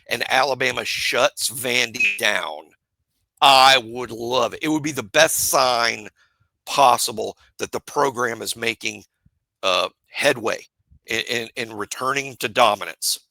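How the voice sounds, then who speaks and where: A man's voice: mid-range voice, moderate pace, creaky, sharp tone, dry recording, rough recording. A man co-hosting a sports podcast, making his points emphatically and repeating them for effect. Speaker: podcast co-host. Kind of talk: casual sports talk.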